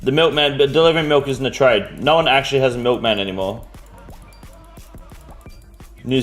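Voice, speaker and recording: Brief: Australian man, mid-pitched, blunt and sweary streamer banter, faint music underneath. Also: moderate pace, long pauses, fairly bright tone. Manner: blunt, profane, answers chat questions. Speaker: game streamer. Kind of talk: casual live-stream chat.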